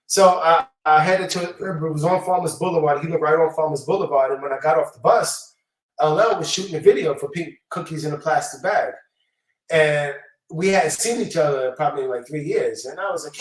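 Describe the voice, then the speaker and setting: A man's voice: a little high, brisk, recorded from a distance. Slangy New man, off-mic echo. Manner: slangy, animated, acts out quotes. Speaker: hip-hop producer guest. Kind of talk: casual storytelling interview.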